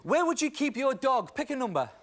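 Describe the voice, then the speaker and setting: A man's voice: extremely high pitch, sing-song, fairly quick. A British man hosting a children's game show in a TV studio, jokey and teasing. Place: TV studio set.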